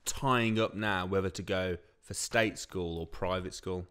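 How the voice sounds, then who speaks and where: A man, co-hosting a casual podcast chat with dry, deadpan humour. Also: low-pitched, measured pace, clean tone. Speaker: podcast co-host.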